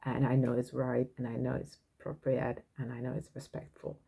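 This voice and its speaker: A woman's voice: very deep voice, level tone, brisk, vocal fry, mellow, breathy edge. A woman hosting a parenting podcast, talking frankly and earnestly in a casual monologue.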